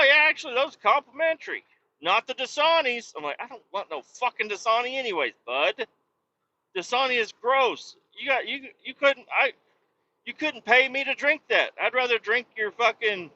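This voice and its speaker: A man's voice: medium pitch, bright, forceful tone, muffled recording, a little hiss or hum. A man hosting his own podcast, ranting casually and profanely while driving, complaining with self-mocking humor. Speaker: podcast host. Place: vehicle on the road.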